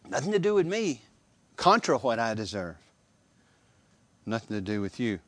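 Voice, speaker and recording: A man preaching a sermon, emphatic and animated, with repeated phrases and questions to the congregation. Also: mid-range voice, moderate pace, dry recording.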